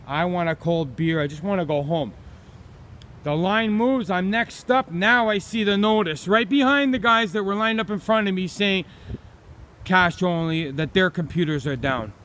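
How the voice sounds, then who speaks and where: A man's voice: high-pitched, moderate pace, fairly bright tone, a little hiss or hum. A middle-aged man, ranting bluntly and profanely as he tells an angry story in his vlog. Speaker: vlogger.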